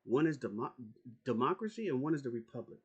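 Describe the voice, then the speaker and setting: A man's voice: mid-range voice, big pitch swings, fast, slightly rough. A man delivering an angry, profane political rant as a YouTuber, confrontational and repeating his points.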